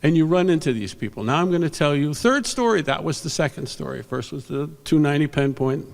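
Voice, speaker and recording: Older man, gravelly voice, award speech, rambling anecdotes, stage mic, long hall reverb. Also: on the high side, brisk. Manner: rambling storyteller, animated quotes. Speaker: award presenter.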